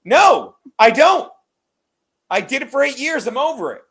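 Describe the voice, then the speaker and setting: High-voiced man, profane and rambling. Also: sing-song, a little slow, fairly bright tone. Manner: profane, rambling, self-mocking. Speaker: podcast co-host. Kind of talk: casual podcast chat.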